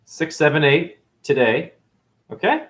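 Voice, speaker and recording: A man giving a preachy, boastful spiritual monologue to camera, breaking into sudden loud outbursts. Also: mid-range voice, animated, moderate pace. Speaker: self-styled spiritual teacher.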